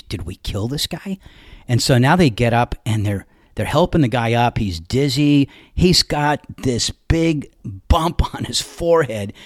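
A man with a New York accent telling a funny story in a casual, animated way, laughing now and then as he goes. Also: mid-range voice, no room sound, clean studio sound.

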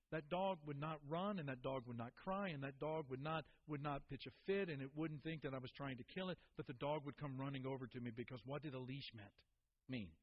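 Earnest preacher, muffled church recording. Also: male voice, mid-range voice, husky. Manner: earnest storytelling, repeats words for emphasis. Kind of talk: sermon.

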